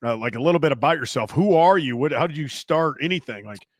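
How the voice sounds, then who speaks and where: 手振りの多いふざけた男性ホスト. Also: male voice, a little high, lively intonation, quick pace, dry recording, studio quality. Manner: teasing, swearing often. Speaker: podcast host. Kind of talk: casual chat, joking and profane.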